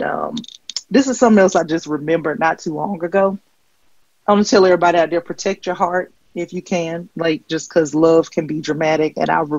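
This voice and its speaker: A woman performs a stand-up set in a dry, unhurried deadpan, padding her lines with ums and asides. Her voice is gravelly and husky at a middle pitch. The stage mic sounds dull and lo-fi with no room echo. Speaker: stand-up comedian. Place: comedy stage.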